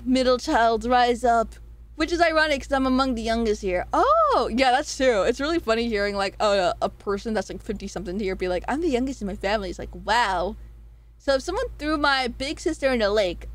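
A woman streamer in casual livestream chat, reading out poll results; giggly and excitable, swearing freely and swinging between high squeals and low mutters. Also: dry recording.

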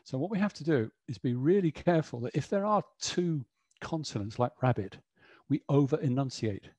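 Husky, mellow man presenting. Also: medium pitch, expressive, moderate pace, no room sound. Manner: chatty, explanatory, frequent "you know". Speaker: webinar presenter. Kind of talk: educational webinar talk.

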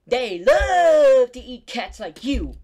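Squawky bickering cartoon duck, highish voice, trash talk. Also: big pitch swings, takes it slowly, a little mellow, heavily acted. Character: cranky, squawky cartoon duck picking fights. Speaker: gameplay YouTuber. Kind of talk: in-character game commentary.

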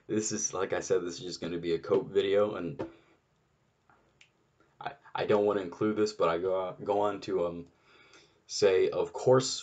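A man's voice: sits low, highs cut off. A man giving an unscripted solo political rant, exasperated and sarcastic, swearing often and restarting his sentences. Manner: many restarts and fillers. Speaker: political commentator.

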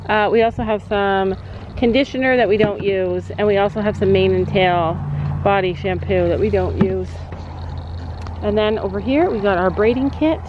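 A woman's voice: medium pitch, lo-fi sound, background noise. A woman vlogging as a mom outdoors at a horse barn, chatting casually and explaining her gear to viewers. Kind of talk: casual vlog chat.

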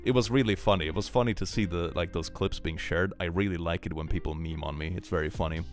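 A man's voice: low voice, fast talker, faint music behind. A young man from Sweden, chatting casually on a livestream, reading out viewer messages and thanking supporters. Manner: animated, thanks viewers and reads chat aloud.

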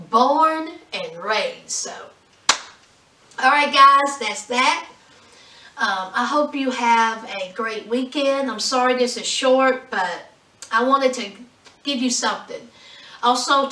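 A woman's voice: medium pitch, pushed and bright, reverberant, distant mic, low-quality recording. A woman from southwest Virginia with a thick Southwest Virginia accent, chatting to her viewers in a sassy, drawling way with lots of ums. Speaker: vlogger. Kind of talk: casual chat to camera.

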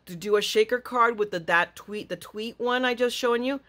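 A woman hosts a casual unboxing chat in a medium-pitched voice. She talks in a gushing, excitable way and keeps restarting her rambling sentences. Every so often she lets out a sudden gasp or squeal of delight. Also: normal speed, hardly any pauses. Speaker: craft vlogger.

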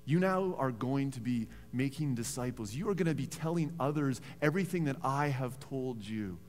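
Man, pastor, conversational sermon, animated storytelling, church hall echo. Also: medium pitch, normal speed, slight background noise. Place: church sanctuary.

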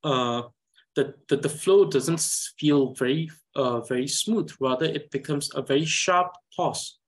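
A man with a Tibetan accent teaching a language reading lesson, talking slowly and carefully with frequent hesitations. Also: a little high. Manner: slow, careful, hesitant with many uhs. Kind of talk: slow reading lesson with explanation.

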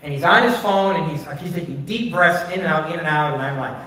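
Speaking fast, with a fairly high, pushed, and bright voice, this man pastor shares personal stories in a candid, conversational sermon full of casual filler words. A phone placed far from him records the church sanctuary, where heavy echo rings out and a faint hiss lies underneath, making the stream sound distant and very echoey.

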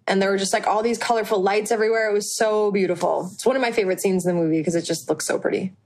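A woman's voice: mid-range voice, fairly even intonation, racing, a little mellow. Chatty young woman podcast guest. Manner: enthusiastic, chatty. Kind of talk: casual chat.

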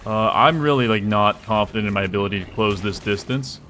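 A young man streaming a game, chatting casually with jokes and sudden excited exclamations as he plays. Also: lowish voice, a little fast, a little hiss or hum. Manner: rambling, joking, bursts into excited exclamations. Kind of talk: casual live gameplay commentary.

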